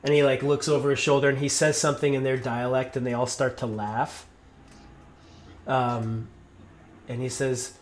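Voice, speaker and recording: A man's voice: medium pitch, level tone, normal speed, pauses often. A man narrating a tabletop game as game master, in a loose way full of ums and likes. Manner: loose, fillers like um and like.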